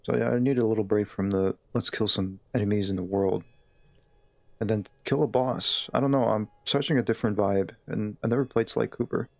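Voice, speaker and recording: A man's voice: fairly low pitch, steady tone, a little fast, gravelly, a little mellow, no room sound. A man live-streaming a game, chatting in a laid-back, easygoing way with his viewers. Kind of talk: casual live-stream chat.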